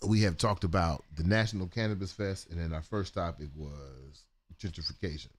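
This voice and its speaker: A man's voice: low voice, normal speed, a little hiss or hum. A man co-hosting a casual morning livestream talk show, joking and profane in loose banter.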